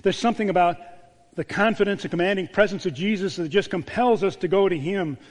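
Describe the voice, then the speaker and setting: A man, a pastor, delivering a sermon with a storytelling manner, dropping to a hushed voice on key words. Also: high-pitched, normal speed. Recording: long church reverb.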